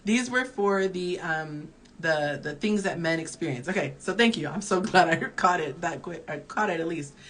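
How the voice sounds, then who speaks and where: A woman's voice: on the low side, normal speed, few pauses, fairly bright tone. A woman in her early forties, a dating coach, giving candid advice in a chatty live-stream Q&A while reading viewer comments aloud. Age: early 40s.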